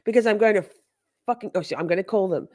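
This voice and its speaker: Woman doing a mad young girl on the phone, way higher, loud, cussing everything. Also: fast, natural voice. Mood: furious ranting. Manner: shrill, swearing, exaggerated. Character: furious young woman ranting on a call.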